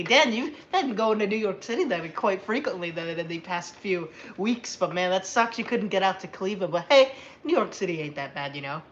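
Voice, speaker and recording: A tired woman hosting a casual livestream, chatty and rambling and quick to get excited. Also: on the low side, muffled recording, a little hiss or hum. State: tired after a long day. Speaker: livestream host.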